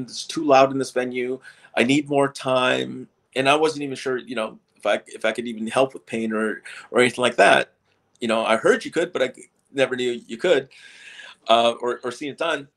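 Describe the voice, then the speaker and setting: A man's voice: mid-range voice, fairly bright tone. A middle-aged man, a stage hypnotist, telling stories in a casual interview and often repeating and restarting his words.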